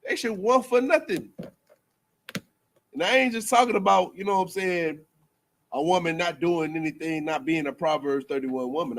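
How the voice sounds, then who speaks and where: Higher-voiced man preaching casually. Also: fairly bright tone. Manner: rambling, repetitive, colloquial. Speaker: speaker in a group teaching session.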